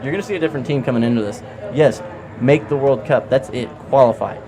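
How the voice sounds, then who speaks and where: A man in a casual sports chat, excitable and slangy. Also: medium pitch, fast, crowd noise. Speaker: podcast co-host.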